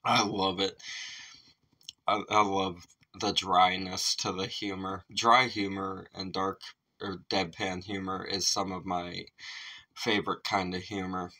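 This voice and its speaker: Reaction host, laid-back man with a low, bright voice, picked up from a distance. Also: flat delivery. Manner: laughs often, swears casually, slow drawl. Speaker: music reaction video host. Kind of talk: casual reaction commentary.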